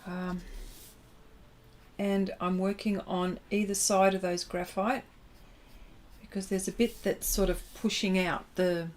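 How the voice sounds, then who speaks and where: A woman with a mid-range, level voice teaches a livestreamed painting demonstration, chatting with viewers and reading and answering their comments as she works. She often pauses to find her words, with plenty of fillers and restarts.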